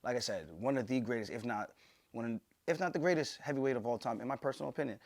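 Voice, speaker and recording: A man's voice: mid-range voice, fast talker, dry recording. Opinionated man with a dry voice. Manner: emphatic, opinionated, swears casually. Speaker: pro fighter and show host. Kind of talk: casual commentary to camera.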